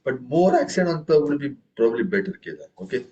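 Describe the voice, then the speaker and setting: A man leads a tabla lesson at a steady, mid-range pitch. He keeps asking his students questions and stresses the first syllable hard when he recites drum phrases. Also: fast talker, lo-fi sound. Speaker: tabla teacher. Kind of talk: online group music lesson.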